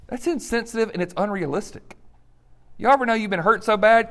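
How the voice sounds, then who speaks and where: A man's voice: high-pitched, quick pace. A male pastor preaching in an earnest, direct, conversational way, with fillers. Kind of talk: sermon.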